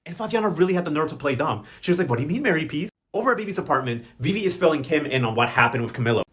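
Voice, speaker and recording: A man doing a sassy, slang-heavy recap of a soap opera, mocking the characters in quick asides. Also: a little high, expressive, fairly bright tone. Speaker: novela recap host.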